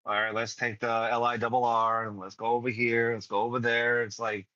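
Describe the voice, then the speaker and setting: Bright-voiced New York man, rambling and profane. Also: mid-range voice, flat delivery, brisk, no echo, highs cut off. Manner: rambling and profane, heavy fillers. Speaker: podcast co-host. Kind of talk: casual chat.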